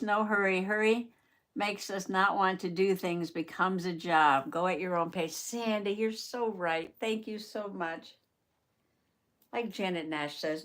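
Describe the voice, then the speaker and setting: A woman hosting a casual live journaling chat from her craft table, chatting to viewers by name and laughing often. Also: fairly low pitch. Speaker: journaling channel host.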